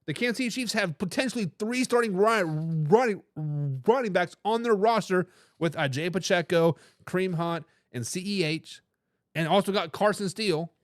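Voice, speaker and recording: A high-voiced man hosts a live sports talk stream, talking quickly and animatedly, restarting his sentences and throwing in hype catchphrases. The sound is dry and close, with no room echo. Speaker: sports talk show host.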